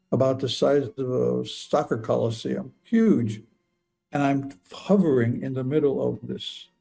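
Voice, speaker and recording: An older man telling a personal story in a halting way, often repeating and stammering over his words. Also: medium pitch, creaky, dark tone. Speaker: speaker telling a near-death experience.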